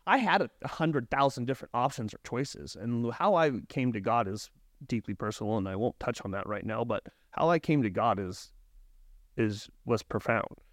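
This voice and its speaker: A man's voice: mid-range voice, lively intonation, moderate pace, no echo, clean studio sound. A man speaking as a podcast guest and life coach, talking in an earnest, reflective way with frequent restarts. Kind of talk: casual podcast conversation.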